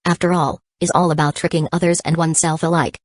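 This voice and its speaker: A woman's voice: low-pitched, little pitch movement, fast talker, no room sound. A woman voicing a confident, scheming young man who leads a foundation, speaking dismissively, in an audiobook reading.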